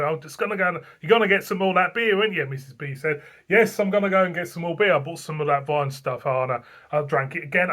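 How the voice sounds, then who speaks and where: A man with a slightly high voice tells a casual vlog story about himself. He rambles, circles back and repeats his own phrases. He sounds like an easygoing channel host chatting to his viewers. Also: fairly bright tone. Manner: rambling, repeats himself, frequent fillers and chuckles. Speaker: beer review channel host.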